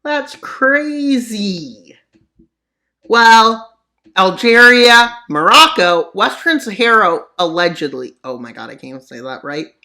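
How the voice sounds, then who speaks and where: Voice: lively intonation, moderate pace, bright, forceful tone. A channel host narrating a map scenario in joking commentary, full of sarcastic asides and mock-serious mutters. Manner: voice jumps up for punchlines, drops low for mutters. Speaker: mapping video narrator. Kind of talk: joking geopolitical commentary over maps.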